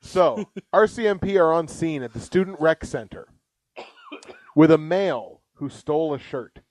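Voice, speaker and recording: A man co-hosting a podcast, chatting casually and reading out police scanner posts slowly, laughing often. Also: a little high, expressive, a little mellow. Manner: laughs often, reads items slowly and deliberately. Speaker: podcast co-host.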